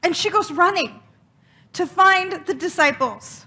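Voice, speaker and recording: A woman minister giving a sermon, retelling a story dramatically with expressive, emphatic repetition. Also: very high-pitched, unhurried.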